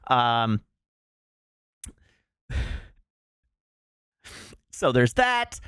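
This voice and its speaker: A male streamer chatting casually to his viewers, rambling with plenty of fillers. His pitch swings widely when he stresses his complaints. The sound is dry, with no room echo. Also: very animated, a little slow, pauses often, a bit bright. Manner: rambling, lots of "um" and "like", emphatic complaints.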